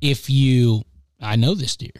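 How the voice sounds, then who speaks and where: A man's voice: mid-range voice, a little slow, darkish tone. An easygoing man with a drawl trades hunting jokes and laughs along with his co-hosts. The sound is close and dry, with no echo around him. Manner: easygoing, joking, laughs often, rural phrasing. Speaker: co-host of an outdoors hunting show. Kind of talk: casual chat.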